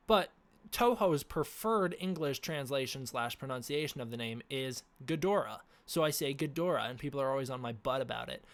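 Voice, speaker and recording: Male streamer on a casual rant, scratchy sore throat, animated and full of fillers. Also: medium pitch. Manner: animated, ranting, lots of fillers and restarts. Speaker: livestream host.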